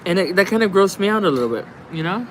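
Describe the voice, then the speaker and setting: Chatty, rambling man, slightly high voice. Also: lively intonation, fast talker, a bit bright, a little hiss or hum. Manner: rambling, chatty, laughs often, swears casually. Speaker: livestream host. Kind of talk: casual chat while reading viewer comments.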